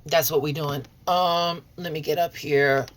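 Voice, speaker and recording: A woman from Chicago hosting a tarot reading channel, talking casually and warmly to her viewers and calling them y'all and honey. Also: sits low, fairly even intonation, measured pace, noisy background. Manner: folksy and chatty, calls listeners y'all and honey; warm and sincere toward viewers. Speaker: tarot and oracle reader, channel host. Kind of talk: casual direct-to-camera chat.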